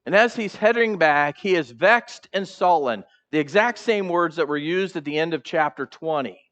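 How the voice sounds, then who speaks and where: A male pastor preaches with animation in a church sanctuary, performing the characters' voices and asking the congregation questions. He speaks at a moderate pace in a slightly high voice.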